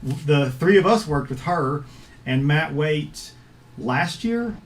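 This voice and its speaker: A man hosting a casual livestream chat over a video call, speaking in an easygoing, halting way with lots of filler words. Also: on the high side, animated, slight background noise. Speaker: host of a filmmakers' livestream.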